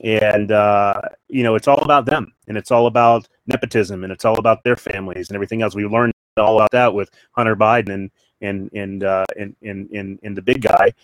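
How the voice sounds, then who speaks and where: A man talking politics as an interview guest, halting with many restarts and fillers, then hammering his points home with repetition. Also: fairly low pitch, steady tone, no room sound, poor audio. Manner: emphatic, repeats points. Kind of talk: casual political talk.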